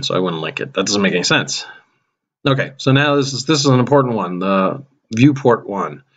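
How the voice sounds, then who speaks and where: Relaxed man narrating his coding. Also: lowish voice. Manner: relaxed, self-narrating while typing, dry sarcasm. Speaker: high school math teacher demonstrating web coding. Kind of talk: casual screen-recorded coding tutorial.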